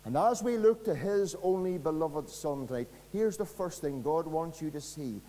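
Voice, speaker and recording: A man with a Northern Irish accent preaching an evangelistic sermon, earnest and pleading, dropping to a hush and rising again. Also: on the high side, animated, moderate pace, a little hiss or hum. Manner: earnest, pleading, dramatic swings from loud to hushed. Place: church. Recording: long reverb of a church hall.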